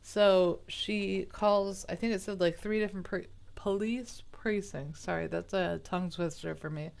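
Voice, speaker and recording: A woman's voice: mid-range voice, steady tone, measured pace, creaky, darkish tone. A woman retelling a true crime story in a chatty, rambling way, with asides, self-corrections and indignant remarks. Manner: baffled, indignant.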